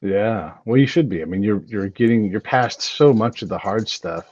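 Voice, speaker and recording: A man hosting a podcast in casual chat, telling stories in an animated way with lots of restarts. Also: fairly low pitch, moderate pace, dry recording, muffled recording. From United States. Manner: animated storyteller, chatty with frequent restarts. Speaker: podcast host.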